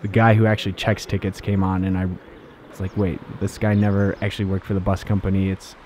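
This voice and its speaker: A man's voice: low voice, flat delivery, fast talker, darkish tone, slight background noise. A man casually recounting his travels as a vlogger, rambling with fillers and restarts. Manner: rambling, laid-back, many fillers and restarts.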